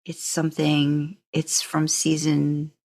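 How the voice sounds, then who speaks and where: A woman's voice: low voice, monotone, slow, darkish tone. A woman co-hosting a podcast in casual fan chat, quizzing her partner with questions. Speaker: podcast co-host.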